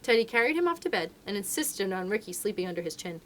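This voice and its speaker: A woman, a children's librarian, reading a storybook aloud with expressive, lively narration. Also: mid-range voice, fast talker, slight background noise.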